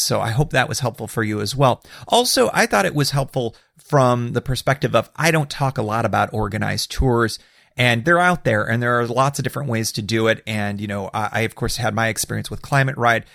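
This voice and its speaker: A man's voice: mid-range voice, animated, a little fast, vocal fry, a bit bright, no room sound, studio quality. A man hosting a podcast, talking in an upbeat, chatty way with fillers and laughs. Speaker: podcast host. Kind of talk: casual podcast talk.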